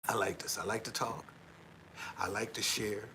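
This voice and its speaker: A man's voice: lowish voice, steady tone, moderate pace, sharp tone, a little hiss or hum, low-quality recording. A middle-aged man chatting casually on a livestream, rambling and repeating himself, tagging his lines with "man" and earnestly preaching about honesty. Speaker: tour guide and former van driver.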